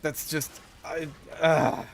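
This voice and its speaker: A man's voice: on the high side, level tone, gravelly, a little hiss or hum. A man ranting in a voice-over over gameplay. He is exasperated and swears a lot, and often stops and restarts his sentences with "like". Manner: halting, restarts with lots of "like". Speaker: gaming YouTuber.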